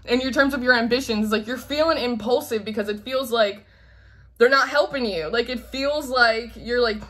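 Bright, chatty woman reading tarot. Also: on the high side, normal speed. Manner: chatty, animated, acts out quoted voices, laughs often. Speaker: tarot reader. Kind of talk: casual spoken tarot reading.

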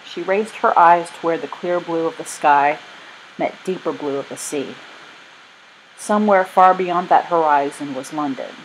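A woman narrating a children's storybook in a gentle, steady reading voice. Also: low-pitched, unhurried, a little hiss or hum, poor audio. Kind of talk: storybook read-aloud.

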